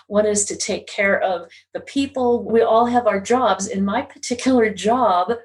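A woman's voice: mid-range voice, darkish tone, poor audio. Laughing woman telling a story. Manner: laughs often, acts out quoted voices. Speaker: guest. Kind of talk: casual interview, storytelling.

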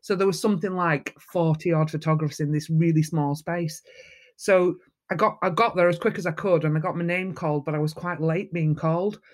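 A woman with a Mancunian accent, a photographer telling lively stories as a guest in a casual interview. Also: lowish voice, brisk. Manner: lively, animated storyteller. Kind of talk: storytelling in casual chat.

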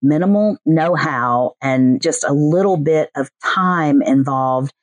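A woman with a Southern US accent, a podcast producer chatting in an interview and slipping into quick voiced asides. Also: low-pitched, no room sound. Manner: chatty, animated, mimics other people's voices in quick asides. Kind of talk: casual interview chat.

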